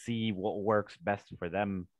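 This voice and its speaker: A man's voice: fairly low pitch, fairly even intonation, slow, no echo. A man who teaches shares his classroom experience in a discussion. He talks in a thoughtful way and sometimes restarts his sentences.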